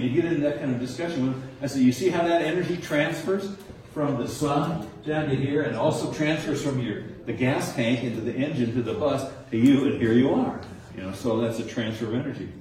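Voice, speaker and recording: A man's voice: medium pitch, fairly quick, hardly any pauses, a little mellow, distant mic, a little hiss or hum. Chatty man teaching from across an echoey room. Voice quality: chatty, acts out kids' answers with rising tones. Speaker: nature center docent training teachers. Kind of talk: informal talk to a small group. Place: indoor room with a nature diorama.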